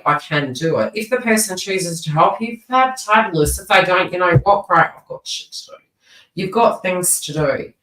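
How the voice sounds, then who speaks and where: A woman gives a live-streamed tarot reading, chatty and rambling, often breaking off for asides and starting over. Her voice is lowish with a fairly bright tone, and she sounds far from the mic in a roomy space.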